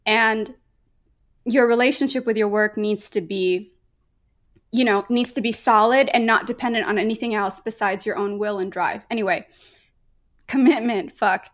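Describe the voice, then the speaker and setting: A young adult woman, a painter, chats as a guest on a casual podcast, animated, laughing often and swearing freely. Her voice sits at a medium pitch and she talks at a moderate pace.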